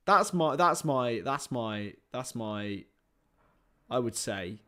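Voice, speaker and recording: A young man hosting a live football watchalong, joking with banter between bursts of excited play-by-play calls. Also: mid-range voice, slow. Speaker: host.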